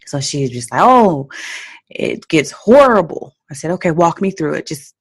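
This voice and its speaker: A woman hosting a parenting podcast, giving advice in an animated, teacherly way and laughing at her own stories. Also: low voice, moderate pace, slightly rough. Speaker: parenting coach and podcast host. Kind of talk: solo podcast advice talk.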